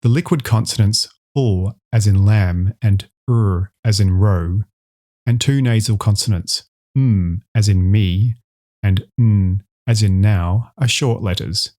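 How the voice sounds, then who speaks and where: A man giving a scripted educational voice-over, clearly enunciating each example sound as he explains an alphabet. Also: fairly low pitch, a little slow, warm tone. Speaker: instructor.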